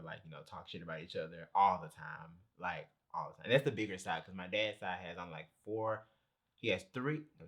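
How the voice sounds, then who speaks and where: A young man co-hosting a podcast in casual chat, an animated storyteller who laughs often. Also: sits low. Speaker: podcast co-host.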